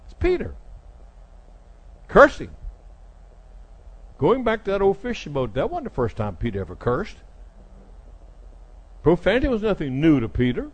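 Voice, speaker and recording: A middle-aged man preaches a sermon in a slightly high voice with big pitch swings, speaking a little slowly with long pauses. He retells scripture dramatically, voicing its characters and leaping suddenly into loudness.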